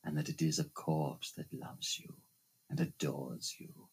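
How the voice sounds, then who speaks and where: A man voicing a disfigured, menacing male phantom in an audiobook, speaking slowly in a low, hissing, gloating way with a husky tone. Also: level tone, exaggerated voice. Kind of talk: audiobook reading.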